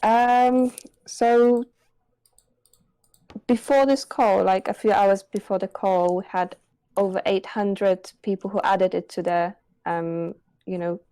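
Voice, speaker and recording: A woman game developer, a guest in a casual interview, talking relaxed and eager with lots of fillers. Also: medium pitch, slow pace, dry recording. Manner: relaxed, filler-heavy, enthusiastic.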